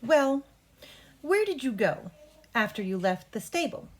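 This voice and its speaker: A woman voicing an earnest male defense attorney in a courtroom play, with slow, deliberate and formal delivery. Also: fairly high pitch, big pitch swings, a little hiss or hum.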